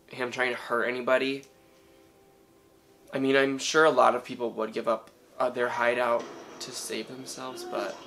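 A man hosting a reaction video, talking back to the screen in excitable, casual commentary. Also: mid-range voice, normal speed, long pauses, rough recording.

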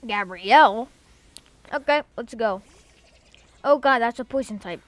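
A young woman talks through her gameplay in a high voice, rambling to herself and breaking into loud cheers. She records close to a desk mic in a dry, dead room. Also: measured pace, no room sound. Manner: excitable, loud outbursts, rambling self-talk. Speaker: gamer. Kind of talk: casual let's-play commentary.

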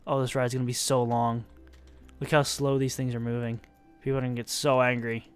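A man's voice: medium pitch, little pitch movement, a little fast, smooth, soft background music. A young man giving casual, self-mocking commentary while playing a building game, talking to himself as he works. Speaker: let's-play gamer.

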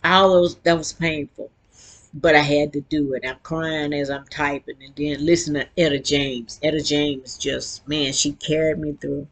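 Woman in her 60s, gravelly voice, frank earthy storyteller, casual personal chat. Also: deep voice, steady tone, unhurried. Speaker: vlogger and author.

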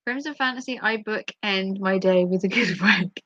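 A woman's voice: medium pitch, moderate pace, fairly bright tone, no echo, highs cut off. A woman hosting a live stream, reading out viewer comments in a giggly, playful chat. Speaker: livestream host.

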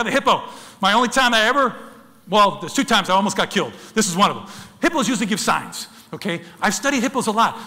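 Addressing his audience as "folks," a man from the United States acts out sounds and voices while telling dramatic stories in his lively wildlife photography presentation. His voice is high and bright, with a forceful tone. Long hall reverb colors the recording.

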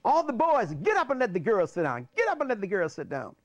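A man's voice: huge pitch swings, fast, full character voice. A man voicing a short, strict male school principal who stammers and barks repeated commands. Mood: stern. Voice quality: shrill, stammering.

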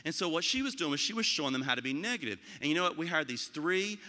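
Bright-voiced man in an echoey hall. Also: fairly high pitch, fast. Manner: animated storyteller, acting out quoted voices. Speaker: school leader giving a talk. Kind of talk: motivational speech.

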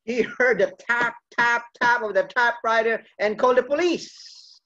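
A man's voice: very high voice, normal speed, bright, forceful tone, dull audio. A male pastor preaching a sermon through a vivid story, acting out each character as he goes.

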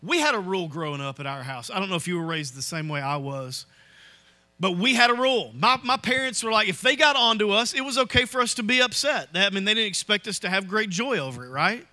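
A pastor preaching a sermon in a church, animated and often checking in with "Okay?". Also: male voice, high voice, fast talker. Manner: animated, acts out quoted voices, asks "Okay?". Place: church sanctuary.

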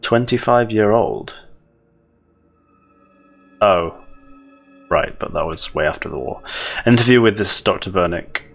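A man's voice: deep voice, normal speed, gravelly, fairly bright tone, slightly rough, soft background music. A man casually commenting on a horror game he plays, joking and sarcastic while reading notes aloud. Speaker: let's play host.

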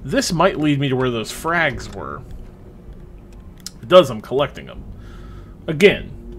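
A young man casually commenting on his gameplay, chatty and excitable, swearing freely as he plays. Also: medium pitch, slight background noise. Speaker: let's play host.

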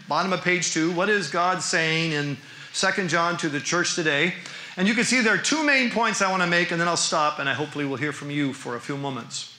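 A man who teaches the New Testament as a professor, giving an animated church lecture full of rhetorical questions. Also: sits high. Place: church hall. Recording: roomy church hall.

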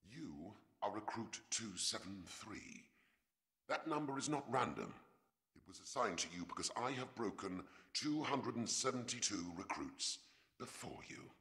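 An actor playing a stern, cruel male prison commandant who talks in a cold, measured, imperious way. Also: on the low side, pushed and bright, heavily acted.

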